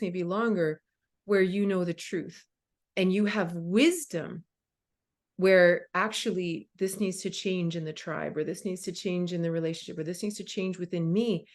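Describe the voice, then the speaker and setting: A middle-aged woman in a casual conversation as a guest teacher, talking with emphasis and acting out inner voices. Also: medium pitch.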